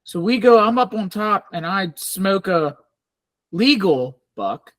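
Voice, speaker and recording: Man, casual storyteller, lively swooping pitch, profane, animated chat. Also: slow, no echo. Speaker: podcast host.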